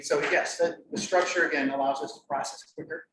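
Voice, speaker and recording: A middle-aged man presenting at a conference, lively and joking as he quizzes the audience. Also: on the high side, fast talker. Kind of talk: interactive workshop talk. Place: conference room. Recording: echoey room, mic far off, faint noise.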